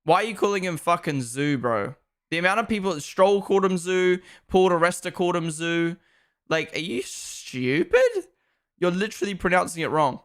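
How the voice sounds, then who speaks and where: A man's voice: sits high, normal speed, clear, resonant tone. A young man hosting a live race watchalong, chatting casually, reading chat and swearing bluntly. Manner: blunt and animated, swears freely.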